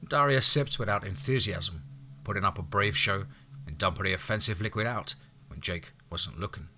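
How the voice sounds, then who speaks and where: A man reading a story aloud as an audiobook narrator, in a measured, even way. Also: deep voice, a little hiss or hum.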